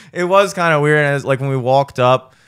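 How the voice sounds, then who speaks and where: A man's voice: on the high side, clear, resonant tone. A man from the Baltimore area hosting a podcast, telling stories in loose, profane casual chat full of "like" and "dude". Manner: profane, animated storytelling with many fillers. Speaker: podcast host.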